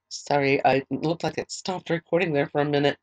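Woman reading scripture, losing her voice. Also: low voice. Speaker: Bible study leader. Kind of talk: reading scripture aloud to a study group.

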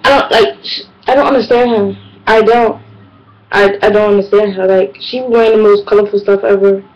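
A woman's voice: mid-range voice, normal speed, dull audio. A young woman, telling exasperated comedic stories in a casual, slangy vlog monologue. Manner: animated, exasperated, slangy storytelling. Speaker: vlogger.

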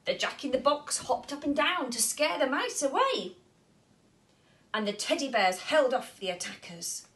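Animated woman reading to small children. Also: sits high, moderate pace. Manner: animated, asks the children questions. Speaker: nursery storyteller. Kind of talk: reading a picture book to young children.

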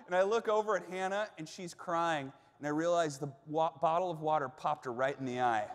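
A male pastor with a high voice preaches to a congregation, telling a lively personal story and acting out what people shouted. His voice rings with the long reverb of a large church hall. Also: fairly quick. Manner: animated storyteller, acts out shouts and quotes. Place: church auditorium.

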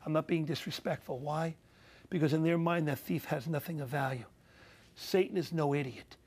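Passionate high-voiced man telling stories. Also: moderate pace, darkish tone, breathy edge. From Italian-American. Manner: passionate, preacherly, repeats phrases for emphasis. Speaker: guest speaker. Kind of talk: emotional storytelling.

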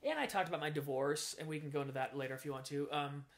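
A man's voice: fairly high pitch, very fast. A man in an interview, candidly telling a personal story and acting out what people said. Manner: animated, acts out quoted voices, frank. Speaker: guest sharing his story.

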